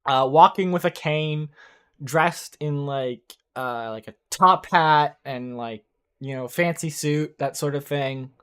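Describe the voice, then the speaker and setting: A man narrating as game master in a tabletop game, casual and halting, with many fillers. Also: a little high, fairly bright tone, smooth.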